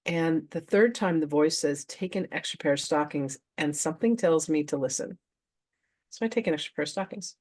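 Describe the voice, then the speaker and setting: A woman's voice: low-pitched, moderate pace, darkish tone. A woman who works as a spiritual teacher, telling a personal story to a live audience in a chatty, casual way and acting out her own past reactions. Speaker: spiritual teacher and trance channel.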